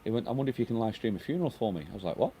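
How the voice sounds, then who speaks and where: A man's voice: lowish voice, very animated, rapid-fire, dark tone, slight background noise. A middle-aged man hosting a casual live stream at home, chatting and reading out viewer comments.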